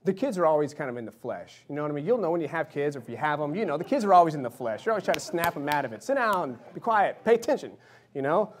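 Guy preaching a laid-back sermon, slightly high voice, keeps asking "right?", "amen?". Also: lively intonation, racing, hardly any pauses. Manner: conversational, checks in with "right?" and "amen?"; acts out little voices, drops soft and low at times. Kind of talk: casual sermon.

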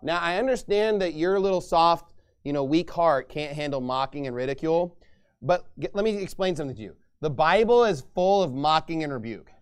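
Emphatic high-voiced male preacher. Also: expressive, fairly quick, smooth. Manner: emphatic, forceful, mocking asides, reads scripture aloud. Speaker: pastor. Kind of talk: sermon.

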